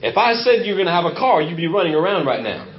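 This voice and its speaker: High-voiced emphatic man preaching. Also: very animated, quick pace. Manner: emphatic, repetitive preaching cadence. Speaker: pastor. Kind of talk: sermon. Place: church sanctuary. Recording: muffled lo-fi church recording.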